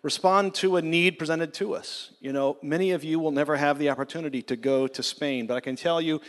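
A man's voice: on the high side, steady tone, fairly quick. A man, the church's pastor, addressing his congregation in an encouraging way with frequent fillers. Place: church sanctuary. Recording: long church hall reverb.

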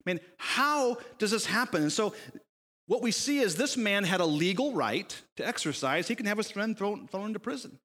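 A man's voice: high-pitched, moderate pace. A man preaching a sermon, telling a parable with rhetorical questions and acting out the characters' lines. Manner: animated storytelling, voicing characters in quotes, rhetorical questions. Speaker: pastor. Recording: long reverb of a hall.

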